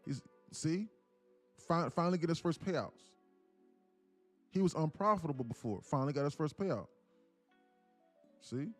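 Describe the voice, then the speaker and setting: A man's voice: a little high, expressive, measured pace, long pauses, soft background music. Slangy, rambling male stream host. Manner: rambling and slangy, with many restarts. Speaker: trading mentor and stream host. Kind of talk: casual live-stream talk.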